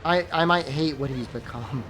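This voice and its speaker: A man's voice: fairly high pitch, moderate pace, a bit bright, a little hiss or hum. A tired, sleepy man chatting loosely as he streams a game, rambling with lots of filler words. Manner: rambling, loose, full of "like" and "I mean". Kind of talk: casual stream chat while gaming.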